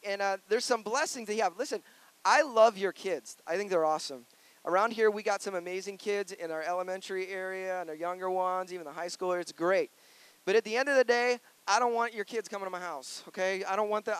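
A man's voice: high-pitched, fairly bright tone, smooth, dry recording. A male pastor preaching a sermon, playful and conversational, earnest and personal.

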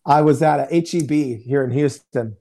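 A man, a guest minister on a video call, telling a testimony in a lively, joking way and acting out the quotes. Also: mid-range voice, moderate pace. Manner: animated, joking, acts out quotes. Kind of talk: casual storytelling testimony. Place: home in Houston. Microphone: remote video call.

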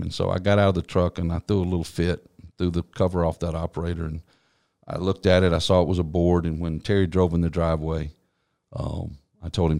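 A man's voice: sits low, level tone, brisk, creaky, mellow. A man who works as a church administrator, earnestly and reflectively telling his personal testimony in an interview.

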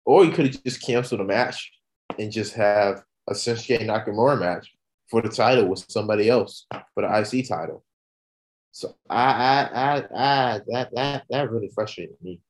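Excitable wrestling fan, ranting casually. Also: moderate pace. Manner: excitable, swings from high reenacted outbursts to a low grumble. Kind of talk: casual rant.

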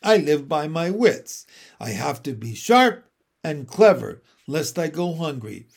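A man's voice: fairly high pitch, big pitch swings, unhurried, creaky, slightly rough, exaggerated voice. A man reading a storybook aloud, voicing a small, clever female spider who explains things in a cool, matter-of-fact way. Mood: explaining. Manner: cool, practical, plainly explaining.

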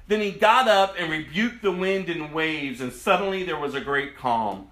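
A man's voice: a little high, moderate pace, few pauses, a bit bright. A man preaching a sermon in a dramatic, emphatic way, his voice rising and falling sharply. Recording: echoey room, distant mic.

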